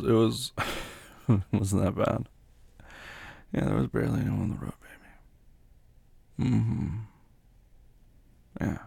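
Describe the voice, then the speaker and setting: Young man, whispered boyfriend role-play, slow, husky and very gravelly, soft and doting. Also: fairly low pitch, no room sound. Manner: soft, tender and doting, with frequent quiet laughs and murmured hums. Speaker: ASMR role-play performer as caring boyfriend.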